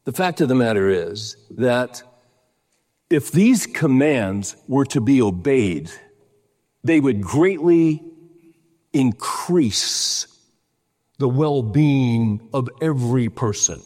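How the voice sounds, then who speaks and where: A man's voice: medium pitch, slow, pauses often, darkish tone, long reverb tail. An older man preaching a sermon, telling stories with emphasis and acting out quoted voices. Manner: storytelling, emphatic, acts out quotes in a raised voice. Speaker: pastor.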